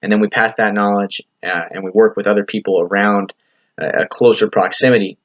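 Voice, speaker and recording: A man's voice: lowish voice, fairly even intonation, fairly quick, muffled recording. A man hosting his own podcast, talking in an earnest, rambling motivational way, full of "you know" fillers and casual swearing. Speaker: podcast host. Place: lives in California.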